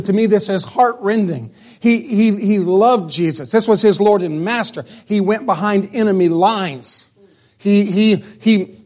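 A man preaching a sermon, emphatic, sometimes dropping to a hush, and often restarting his words. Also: sits high. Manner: emphatic, drops to a hush for dramatic lines.

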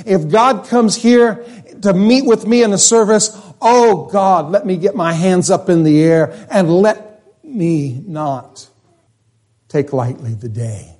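A man delivers a sermon at a church service in a husky, breathy voice that sits a little high. He swings between loud, lifted declarations and quiet, low-pitched phrases. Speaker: preacher.

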